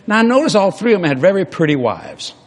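An older male preacher tells a sermon story in a husky, slightly breathy voice. His pitch swings widely as he acts out the exchanges with folksy animation. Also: huge pitch swings, fast talker.

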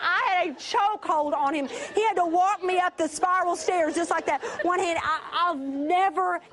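A woman preaching a sermon through a lively personal story, laughing often and dropping to a hush at key points. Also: very high voice, a little slow, few pauses. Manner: animated, laughing, drops to a hush for emphasis.

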